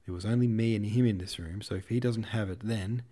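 An earnest young cavalry cadet speaks tensely in a low voice that wavers at the edges, as a male reader gives him voice. He sounds proud and strained rather than showy. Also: fairly quick, dark tone, lightly acted. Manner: tense, unsteady.

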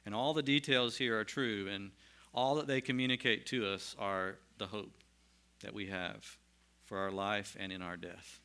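A man's voice: on the low side, fairly even intonation, moderate pace, sharp tone, clear, resonant tone. A male pastor preaching a sermon and reading scripture aloud in an earnest, emphatic way.

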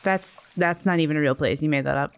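A woman's voice: deep voice, brisk, pitched below the performer's own voice. A woman voicing a touchy male chipmunk who puts on a New York accent and argues defensively in improv comedy. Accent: put-on New York. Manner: defensive, bickering. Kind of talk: improv comedy role-play.

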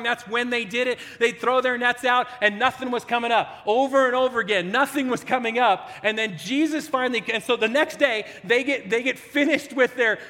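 A man's voice: very high voice, bright, forceful tone, big-room sound. A man preaching a sermon in a conversational, storytelling way, acting out quotes as he goes.

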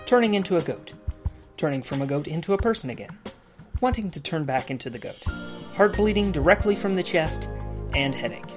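A man playing a parody drug-commercial announcer, reading a long list of side effects in a smooth, deadpan pitchman cadence. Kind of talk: mock TV ad read.

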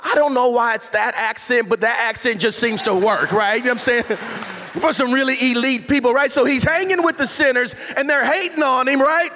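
High-voiced joking pastor in a big hall. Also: male voice, a little fast, bright, forceful tone. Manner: loose and conversational, slangy asides, frequent restarts. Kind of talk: casual, joking sermon. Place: large church auditorium. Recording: long hall reverb from the sanctuary.

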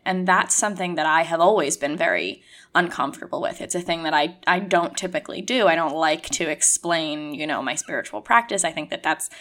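A young adult woman chatting casually as a podcast co-host, acting out quoted lines with lively shifts in voice. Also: on the low side. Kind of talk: casual conversation.

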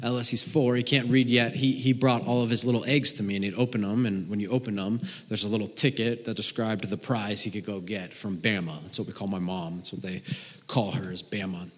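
A man in his thirties preaching a sermon, earnest, swinging between emphatic stretches and hushed ones, often repeating a word as he restarts. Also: lowish voice, steady tone, a little fast. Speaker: pastor. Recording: long reverb of a large hall.

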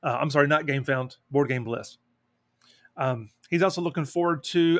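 A man co-hosting a board game podcast, his voice sitting a bit high with a gravelly fry. He chats casually and jokes as he reads listener replies. The sound is dry and close. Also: moderate pace, no room sound. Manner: relaxed, joking, reads listener responses aloud. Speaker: podcast co-host. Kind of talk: casual chat.

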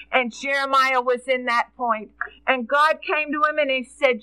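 A woman's voice: high voice, normal speed, sharp tone, no room sound, rough recording. A middle-aged woman preaching a sermon, telling stories and quoting scripture with earnest feeling.

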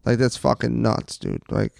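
A man co-hosting a casual sports podcast, ranting with plenty of profanity and excitement. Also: medium pitch, moderate pace, gravelly, no room sound, clean studio sound. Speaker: podcast co-host.

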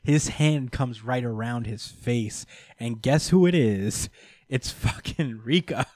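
A man's voice: mid-range voice, takes it slowly, a little hiss or hum. A man casually recapping a manga chapter for friends, acting out the characters' lines and swearing freely. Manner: animated storytelling, acts out characters' lines, swears. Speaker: podcast host recapping manga. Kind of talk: casual chat.

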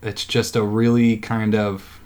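A man in casual conversation, talking haltingly with many pauses and fillers. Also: lowish voice, level tone, a little mellow. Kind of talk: casual podcast chat.

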